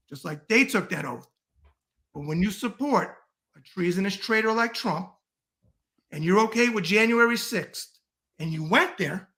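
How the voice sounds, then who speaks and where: A man's voice: high voice, bright, forceful tone. A middle-aged man from the United States, a podcast guest talking politics in a blunt, profane, emphatic rant. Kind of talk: heated political talk.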